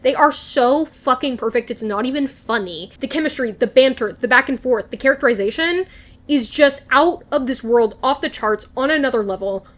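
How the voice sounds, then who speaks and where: A young woman with a high, bright voice talks through a TV episode in a casual vlog. She gushes and gets animated, with frequent laughs and casual swearing. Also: moderate pace. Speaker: recap vlogger. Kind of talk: casual chat, excited TV recap.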